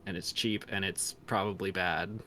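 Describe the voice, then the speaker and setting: A man chatting casually with a friend on a game stream, explaining things in a relaxed way. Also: low-pitched, moderate pace. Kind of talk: casual chat.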